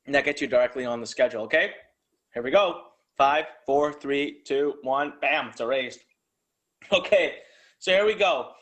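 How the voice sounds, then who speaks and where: A man's voice: mid-range voice, normal speed, a bit bright. A man presenting a live online business seminar, talking straight to viewers in a hyped, salesy way while drawing on a board. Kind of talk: energetic live webinar pitch.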